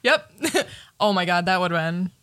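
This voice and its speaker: A woman's voice: lowish voice, a little slow, fairly bright tone, smooth, no echo, studio quality. A woman co-hosting a podcast, chatting animatedly about a movie and laughing often. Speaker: podcast co-host. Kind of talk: casual movie review chat.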